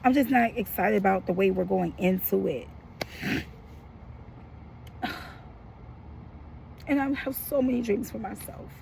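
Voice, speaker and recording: A woman's voice: mid-range voice, unhurried, creaky, pauses often, a little mellow, slight background noise, low-quality recording. A woman in her thirties talking frankly to her viewers in a personal vlog, emotional and slangy, with a frustrated edge. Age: 30s. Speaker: vlogger.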